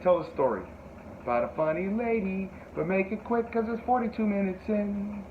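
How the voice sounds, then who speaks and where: A man hosting a casual podcast, telling a rambling, animated story full of fillers and swearing, and jumping into high yelps when he quotes people. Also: normal speed. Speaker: podcast host. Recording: tinny phone-like sound with faint noise.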